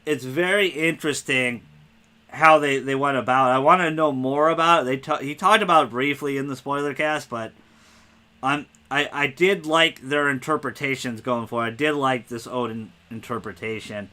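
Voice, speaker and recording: A man hosting a casual spoiler podcast, talking excitedly and rambling, cursing freely. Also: medium pitch, normal speed. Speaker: podcast host.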